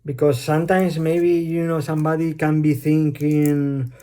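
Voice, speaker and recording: A man's voice: on the high side, level tone, measured pace, mellow. A man with a Spanish accent, a native Spanish speaker, rambling bluntly through a casual monologue and swearing offhandedly.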